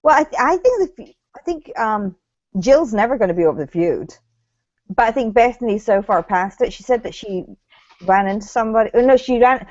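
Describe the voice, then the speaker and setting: A woman's voice: a little high, animated, fairly quick, a little mellow, no echo, muffled recording. A woman co-hosting a casual chat about reality TV, blunt and opinionated, swearing freely. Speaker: co-host.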